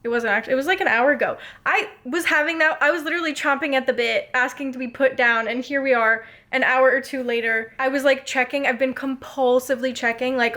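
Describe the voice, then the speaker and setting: A young woman talks straight to camera in a casual book vlog, her voice sitting high. She gushes and gets carried away easily, dropping swear words freely. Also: fast talker, few pauses. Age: young adult. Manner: excitable, gushing, swears freely. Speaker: book vlogger.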